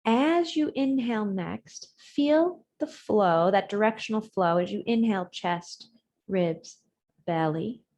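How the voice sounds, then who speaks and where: A woman leads a yoga and breathing session over a video call, her voice sitting at an ordinary middle pitch. Her cues are gentle and measured, and the ends of her phrases fade away softly. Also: animated. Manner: gentle, measured cues with soft trailing words. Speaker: yoga instructor. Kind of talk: guided breathing and yoga instruction.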